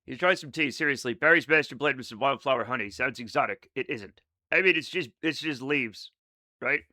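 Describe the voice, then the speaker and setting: A man chatting live with his viewers, rambling in an excitable, self-mocking way. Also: mid-range voice, moderate pace, long pauses, no echo, clean studio sound. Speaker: streamer. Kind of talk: casual live-stream chat with viewers.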